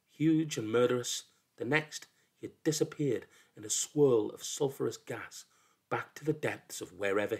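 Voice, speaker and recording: A man narrating a folk tale in an expressive, dramatic storybook reading that drops into hushed lows. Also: gravelly, slightly rough.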